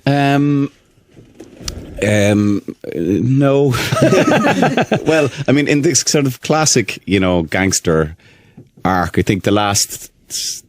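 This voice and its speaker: A middle-aged actor, a guest on a radio show, answering questions softly with hesitant restarts. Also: male voice, medium pitch, big pitch swings, extremely slow, slight background noise. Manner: soft-spoken, hesitant, many restarts. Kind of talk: radio interview chat. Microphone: studio microphone.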